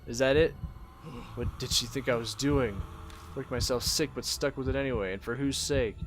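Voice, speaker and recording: A man's voice: mid-range voice, normal speed, faint music behind, close to an everyday voice. A man reading as a furious, worn-out cheated husband. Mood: ranting. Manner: ranting, swearing, bitter.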